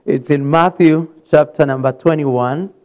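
A man from Africa preaching a sermon in a church, retelling scripture with sudden loud rises and soft drops. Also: on the high side, steady tone, a little slow, low-quality recording. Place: church hall.

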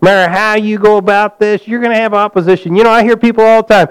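Animated preaching man, high clear voice. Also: quick pace, hardly any pauses, low-quality recording. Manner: animated preaching, rising to near-shouts then dropping to a low hush; calls out to the congregation for amens. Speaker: pastor. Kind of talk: sermon.

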